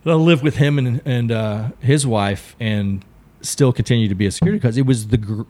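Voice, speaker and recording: A man's voice: mid-range voice, fairly quick. A middle-aged Texan man, a podcast guest, telling stories casually and acting out quotes. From Texas. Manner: animated storyteller, acts out quotes. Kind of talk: casual storytelling.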